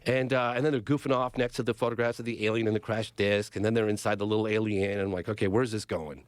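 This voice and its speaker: A middle-aged man from Northern California, a documentary filmmaker who is a podcast guest, excitedly retelling a story and acting out the quotes. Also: fairly low pitch, quick pace, no echo. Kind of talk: animated storytelling in conversation. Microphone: studio podcast mic.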